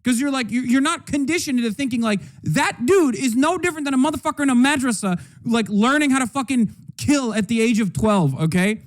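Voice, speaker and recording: A high-voiced man hosts a livestream and reacts to political news. He rants heatedly and sarcastically, swearing freely as he goes. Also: animated, a little fast, few pauses. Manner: heated, profane, sarcastic ranting. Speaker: streamer host.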